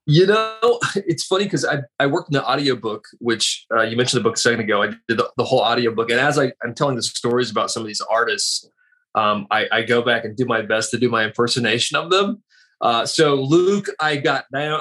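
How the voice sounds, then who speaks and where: A man chatting as a podcast guest, telling stories in a warm, easygoing way. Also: mid-range voice, quick pace. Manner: chatty, warm storyteller who slips into impressions. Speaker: guest, radio personality and author. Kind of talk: casual interview talk.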